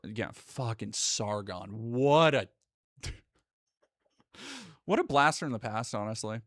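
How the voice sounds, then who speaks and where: A man's voice: mid-range voice, gravelly, no room sound, clean studio sound. A man live streaming, rambling through sarcastic casual commentary with lots of restarts.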